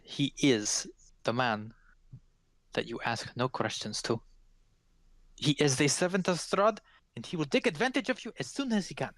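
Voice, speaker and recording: A cryptic old fortune-teller woman, as a man puts her on at the game table, speaking in a heavy foreign lilt with broken English. She pitches her voice higher and livelier than plain speech and delivers her warnings slowly and knowingly. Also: expressive, a bit bright, dry recording. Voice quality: broken-English foreign accent put on for the figure.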